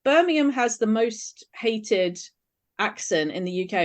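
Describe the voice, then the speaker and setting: A woman's voice: a little high, lively intonation, measured pace. Laid-back woman with a southern English accent. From southern England. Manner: easygoing, laughs often. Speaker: podcast guest. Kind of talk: casual chat. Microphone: video call.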